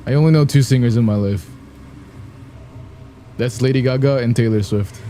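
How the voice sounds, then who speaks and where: A man talks casually to an online audience, teasing and laughing as he goes. His voice is warm and mellow, with a faint hum of ambience behind him. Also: normal speed. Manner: playful and joking, sings snatches of songs badly on purpose; laughs often, gets loud and high when amused. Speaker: streamer reacting to videos. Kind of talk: casual chat to viewers.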